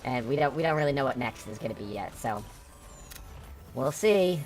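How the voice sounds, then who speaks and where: A woman's voice: extremely low pitch, animated, normal speed, a little mellow. A woman from upstate New York streaming while gaming, chatting casually and bluntly, swearing freely, through a voice changer.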